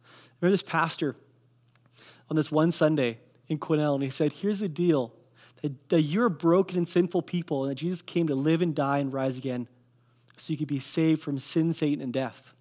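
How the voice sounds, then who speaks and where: Young Canadian man, slightly high voice, casual earnest testimony sermon. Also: moderate pace, a little mellow. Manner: casual, earnest storytelling with fillers.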